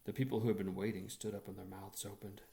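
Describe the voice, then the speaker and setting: A man reading a short story aloud in a measured, expressive storytelling manner. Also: fairly low pitch, gravelly. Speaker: reader.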